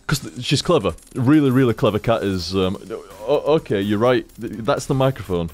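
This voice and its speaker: A man's voice: medium pitch, expressive, normal speed, few pauses, faint music behind. A young man streaming from home into a desk microphone, rambling casually, swearing freely and chatting to his cat. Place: home room. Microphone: studio microphone on a desk stand.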